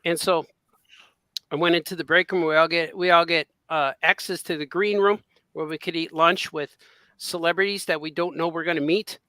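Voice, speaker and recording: Bright, high-voiced man telling stories. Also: moderate pace, clear, resonant tone, no room sound. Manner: animated anecdote-telling, acts out quotes. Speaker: podcast co-host. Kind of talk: casual storytelling chat.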